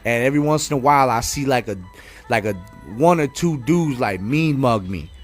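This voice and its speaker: A man's voice: mid-range voice, normal speed, soft background music. A man telling a funny story in a casual chat, profane and full of fillers. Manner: animated, profane, heavy on fillers. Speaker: podcast co-host.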